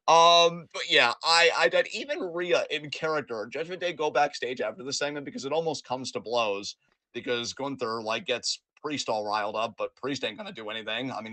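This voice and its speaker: A man hosting a podcast, recapping events in an animated, joking way with plenty of swearing. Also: mid-range voice, no room sound. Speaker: podcast host. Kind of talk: casual wrestling recap chat.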